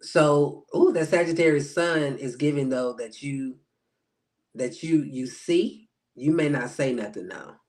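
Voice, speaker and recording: A man's voice: medium pitch, unhurried, a little mellow. A man working as a spiritual life coach, talking casually about astrology on a live stream, answering viewers by name and acting out quoted reactions.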